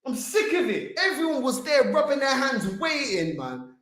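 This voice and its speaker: A man's voice: very high-pitched, sing-song, moderate pace, a bit bright. A man hosting a football fan channel, delivering a heated livestream rant full of street slang. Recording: echoey room.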